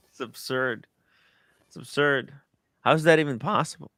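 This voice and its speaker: Man, stream host, excitable, casual swearing, bright forceful tone, dry close sound. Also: mid-range voice, measured pace, no room sound. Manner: excitable, swears, reacts loudly to a video. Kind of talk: casual live-stream commentary.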